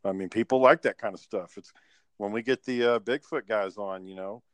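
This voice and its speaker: A man's voice: fairly low pitch, fairly quick, dry recording. A man co-hosting a podcast in casual chat, laid-back and rambling, swearing freely. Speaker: podcast co-host.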